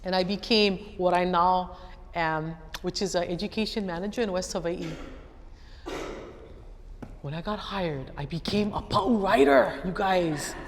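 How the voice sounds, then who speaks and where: A woman's voice: fairly low pitch, steady tone, a little slow, long pauses, a little hiss or hum. Woman speaker in a reverberant hall. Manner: conversational, addresses the audience directly. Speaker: guest speaker. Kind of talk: public talk, personal story. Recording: long reverb of a lecture hall.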